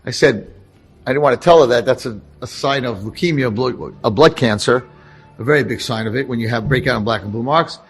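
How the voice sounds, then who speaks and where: A rabbi telling a story to an audience, animated and acting out the lines of the people in it. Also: male voice, medium pitch, brisk, breathy edge, soft background music. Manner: animated, acts out dialogue. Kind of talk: storytelling talk.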